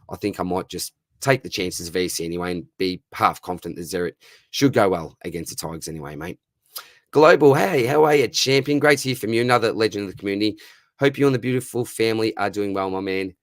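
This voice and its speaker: An Australian man hosting a casual livestream Q&A, hoarse from losing his voice, chummy, calling everyone mate and brother. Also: low voice, no room sound, studio quality. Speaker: livestream host answering viewer questions.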